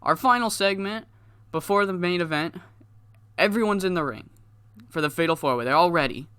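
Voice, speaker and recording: A man talking through his playthrough in a smooth, clean voice. The sound is close and dry, with no room around it. His delivery is casual and rambling, with plenty of swearing. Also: high voice, expressive, moderate pace, pushed and bright, no echo. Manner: loose, rambling, profane, laughs at himself. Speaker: gaming YouTuber. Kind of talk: casual game commentary.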